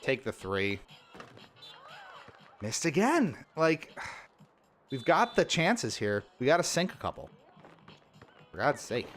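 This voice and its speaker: A man's voice: medium pitch, slow, long pauses. Guy on a game stream getting fed up, voice jumping all over, light game music going behind him. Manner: exasperated, animated play-by-play with frustrated outbursts. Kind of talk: livestream gameplay commentary.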